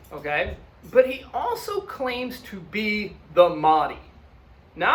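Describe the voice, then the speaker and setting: A man's voice: high-pitched, fairly bright tone. A male history teacher giving a conversational lecture, checking in often with "okay?" and "look". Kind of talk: classroom lecture.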